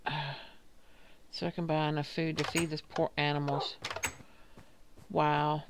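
A woman's voice: low-pitched, flat delivery, unhurried, noisy background. A woman casually talking through her gameplay, thinking aloud and reading out game text. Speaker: gaming video host.

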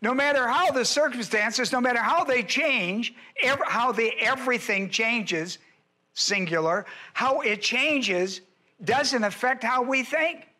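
At a measured pace, a male pastor expounds on a verse, leaning heavily into each point and echoing his key words. His high, bright voice carries a forceful edge.

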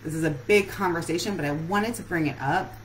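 A woman's voice: low voice, a little fast, slight background noise, rough recording. A woman relationship coach giving an earnest live-streamed talk that puts many questions straight to her listeners.

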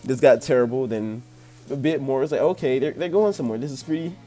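A man's voice: mid-range voice, fast talker, warm tone, soft background music. A young man reviewing a movie in a casual, rambling rant, swearing and laughing as he goes.

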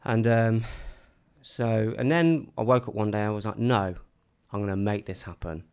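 A man's voice: fairly low pitch, moderate pace, clean tone. A man telling his own story casually, acting out the things people said to him. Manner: animated storyteller acting out quoted dialogue.

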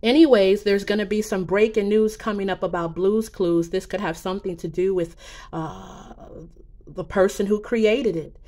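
A woman making psychic predictions in a casual vlog, talking slowly in a rambling way with many fillers and restarts. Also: mid-range voice, steady tone, a little mellow. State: emotional, near tears. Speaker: psychic vlogger.

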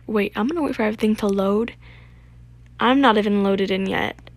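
A female gaming YouTuber giving casual gameplay commentary, excitable and gushing, full of exclamations and reading game text aloud. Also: mid-range voice, a little fast, no room sound.

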